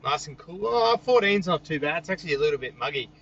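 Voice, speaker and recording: Chatty bright-voiced Australian man. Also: fairly high pitch, lively intonation, fast talker, highs cut off. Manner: joking, chuckles often, easygoing. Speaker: livestream host. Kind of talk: casual live chat reading viewer comments. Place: outdoors at night.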